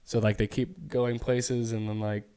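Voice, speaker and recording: A man's voice: fairly low pitch, level tone, a little slow, mellow, clean tone. Rambling, joking male podcast co-host. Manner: rambling, loose storytelling with lots of fillers; profane, joking banter. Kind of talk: casual chat.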